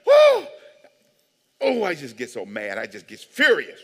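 Lively, bright-voiced man preaching in reverb. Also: medium pitch, normal speed, creaky, breathy edge. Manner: animated, joking, calls for amens. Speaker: pastor. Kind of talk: sermon. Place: church sanctuary. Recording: long church reverb.

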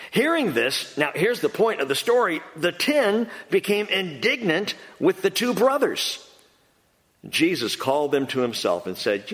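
An emphatic male preacher whose voice swings up and down with lively, animated pitch, sitting a touch above the usual range for a man. He hammers home his points by repeating them, and his words trail off in a long reverb, as in a large sanctuary. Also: moderate pace. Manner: emphatic, repeats key phrases. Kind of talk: expository sermon.

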